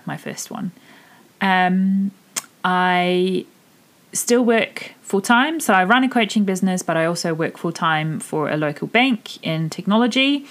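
A woman in her thirties from Germany with a New Zealand accent, hosting her own podcast in a candid, chatty monologue full of fillers. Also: lowish voice. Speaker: podcast host and mindset coach. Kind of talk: casual solo podcast monologue.

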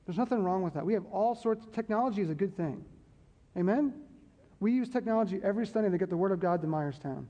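This pastor's sermon is conversational, built on repeated key phrases and check-ins with the people in the pews. He speaks fast and expressively in a high, mellow voice, while the sanctuary audio is dull with long hall reverb.

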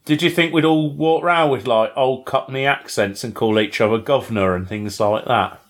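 A man's voice: medium pitch, normal speed. A British man, co-hosting a casual chat, teasing and full of tag questions. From Britain. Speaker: podcast co-host.

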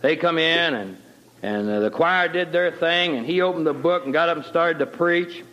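A man's voice: fairly high pitch, normal speed, sharp tone, highs cut off. A middle-aged man telling his personal conversion story in a folksy, plain-spoken way with homespun grammar. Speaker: guest telling his testimony.

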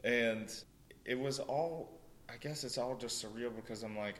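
A man's voice: mid-range voice, a little slow, fairly bright tone, a little hiss or hum. A young man from Louisiana telling a story in casual conversation, full of fillers and bursts of laughter.

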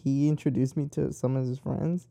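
Casual talker: young man, dark gravelly tone, dry close sound, chatty and profane. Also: mid-range voice, fairly even intonation, moderate pace, dry recording. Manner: rambling, profane and talkative. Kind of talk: casual chat.

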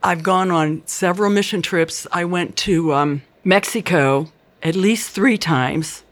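A woman's voice: on the low side, unhurried. An older woman telling her life story in an interview, earnest and chatty, acting out the people she quotes.

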